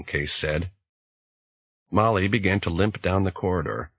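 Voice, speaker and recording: A man narrating an audiobook in a measured, deliberate way. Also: low-pitched, dry recording, highs cut off.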